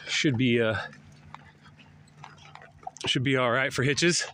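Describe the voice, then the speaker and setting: An older man with a head cold and a nasal voice, rambling in a casual walking vlog outdoors, often sighing and clearing his throat. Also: medium pitch, takes it slowly, sharp tone, slight background noise. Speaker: traveling vlogger. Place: outdoors, walking along roads and a river valley.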